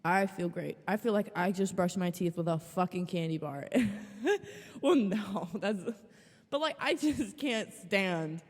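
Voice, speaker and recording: A woman's voice: lowish voice, unhurried, big-room sound. A woman hosting a podcast, telling a story in a casual, rambling way that is frank and full of swearing. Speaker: podcast host.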